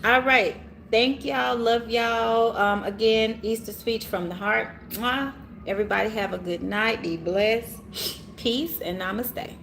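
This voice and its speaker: A woman reader hosting a casual livestream, animated and laughing often, talking straight to her viewers in a room in the city. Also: on the high side, unhurried, creaky, slight background noise. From Orange Mound, Memphis area, USA. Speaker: tarot reader and livestream host. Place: city hotel room, sirens outside.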